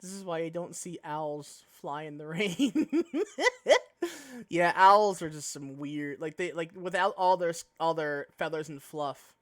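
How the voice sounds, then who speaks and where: A woman's voice: deep voice, unhurried. A woman streaming a game live, chatting in a giggly, rambling way with lots of fillers. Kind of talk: live gameplay commentary.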